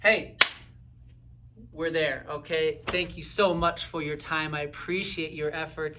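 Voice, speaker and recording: A woman teaching a grammar lesson in an unhurried, lowish voice, pausing to let each word sink in. She checks in with her listeners often and drills words for them to repeat. The mic sits a little away from her, with a faint hiss behind. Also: fairly even intonation, fairly bright tone, distant mic. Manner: patient, drills words for repetition with frequent "right?" checks. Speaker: Spanish teacher.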